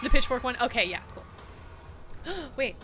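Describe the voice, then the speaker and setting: A young woman streaming a horror game, commenting casually with loud outbursts and lots of swearing. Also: fairly high pitch, expressive, normal speed, noisy background. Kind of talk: casual let's-play commentary.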